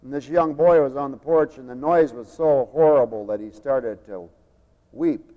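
A man preaching a sermon, turning emphatic on key phrases and dropping quieter for personal stories. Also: medium pitch, normal speed. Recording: dull lo-fi tape in a long-echo hall.

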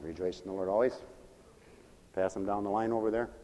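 A male preacher giving a sermon, moving from quiet asides to fervent, drawn-out shouted proclamations. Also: lowish voice, fairly even intonation, a little hiss or hum. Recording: long reverb of a large hall.

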